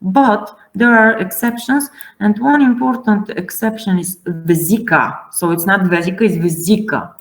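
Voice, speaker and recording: A Latin teacher gives a classroom lecture on pronunciation rules, speaking slowly and haltingly at an ordinary middle pitch, with frequent pauses filled by hesitations and fillers. The recording is low in quality.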